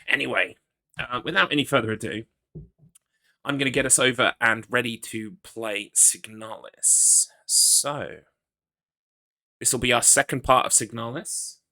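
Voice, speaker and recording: A man's voice: mid-range voice, normal speed, bright, forceful tone. A man from the UK streaming a game, chatting casually and rambling, poking fun at himself and reading chat aloud. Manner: rambling, self-deprecating, reads chat aloud.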